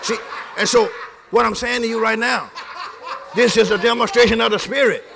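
A man preaching a lively sermon to a live congregation, shouting and laughing as he leads the crowd in call-and-response chants. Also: very high-pitched, normal speed, gravelly, noisy background. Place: live church service before a congregation, also streamed.

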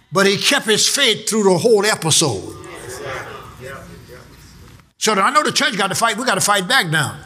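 A male pastor preaching a sermon in call-and-response style. He repeats phrases for emphasis and builds up to shouts. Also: high voice.

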